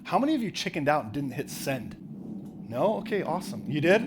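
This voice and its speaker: A man speaking on stage to a crowd, his voice sitting a little above the usual male range. He coaches with animated, directive energy and tells stories between instructions. A faint ambient hiss runs beneath the talk. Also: a little high, fairly quick. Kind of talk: motivational talk to a live audience. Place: conference hall with audience.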